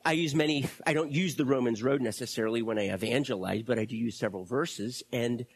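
A pastor preaching a sermon to a congregation, animated and repeating words, dropping to a hush at times. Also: medium pitch, fast, husky, no echo.

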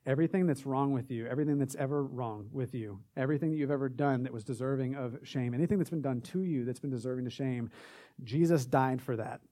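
A man's voice: medium pitch, darkish tone. A young man giving an informal sermon to a group, earnest and conversational, with lots of filler words as he builds through a list of affirmations. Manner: earnest and conversational, with many "like" fillers, rising in intensity through lists.

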